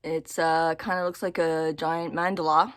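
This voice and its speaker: A woman talking casually to camera in a personal vlog, halting and repeating her words as she thinks aloud. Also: low-pitched, level tone, clean tone, no echo, studio quality. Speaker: vlogger.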